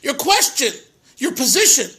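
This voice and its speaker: A man's voice: extremely high pitch, very animated, moderate pace, sharp tone. A man, a rabbi, teaching a Torah class, translating phrases line by line with restarts and chuckles.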